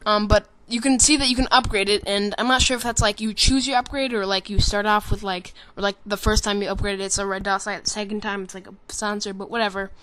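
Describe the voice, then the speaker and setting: A woman's voice: mid-range voice, steady tone, quick pace, few pauses, a bit bright, clear, resonant tone. A tired woman giving casual, rambling commentary over a game trailer, full of ums and self-corrections. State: tired, sleepy. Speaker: gaming commentator.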